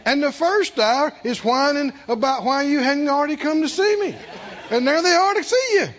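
A man's voice: extremely high pitch, normal speed, fairly bright tone, dull audio, some chatter behind, slight background noise. An older man preaching a sermon, with a drawling delivery and frequent chuckles.

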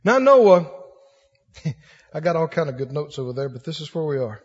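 A man from Mississippi, preaching a folksy, animated sermon with laughing asides. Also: fairly high pitch, moderate pace, husky. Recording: dull lo-fi sound in a long-echo hall.

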